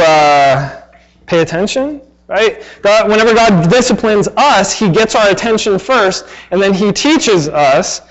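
Pastor guy, highish voice, talks to the room like a chat, kinda dull lo-fi recording. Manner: conversational preaching with acted-out exasperated asides. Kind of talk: sermon.

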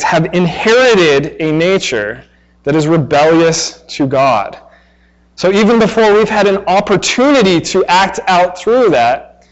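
High-voiced man preaching conversationally. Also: highs cut off. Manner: conversational preaching with acted-out exasperated asides. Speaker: pastor. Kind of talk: sermon.

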